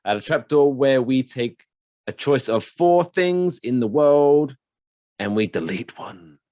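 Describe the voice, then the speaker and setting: Brief: playful man hosting a casual quiz chat, lively delivery, dry room. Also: medium pitch, slow, no room sound. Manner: lively, does playful put-on accents when reading quotes. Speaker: podcast co-host running a quiz.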